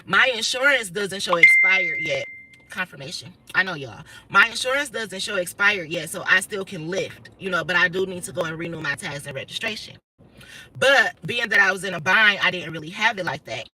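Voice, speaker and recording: A woman's voice: on the low side, lively intonation, moderate pace, background noise. A woman, talking bluntly and profanely through a casual livestream monologue. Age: 30s. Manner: blunt, profane, emphatic storytelling. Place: inside a car.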